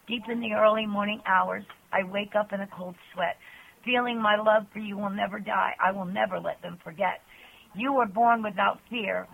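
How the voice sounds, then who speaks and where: A woman's voice: medium pitch, vocal fry. A woman caller on a call-in show, reading her own poems in an earnest, chatty way. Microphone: telephone. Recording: tinny phone line.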